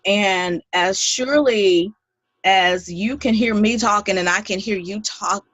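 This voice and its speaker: A woman's voice: mid-range voice, unhurried, a bit bright, no room sound, low-quality recording. Earnest woman telling a heartfelt story. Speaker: guest. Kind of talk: podcast interview.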